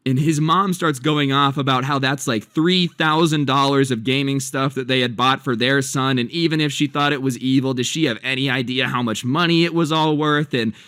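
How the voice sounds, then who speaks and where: A man's voice: medium pitch, moderate pace, few pauses, sharp tone, smooth, dry recording, clean studio sound. A man casually narrating a story as a channel host, chatty and loose with lots of fillers.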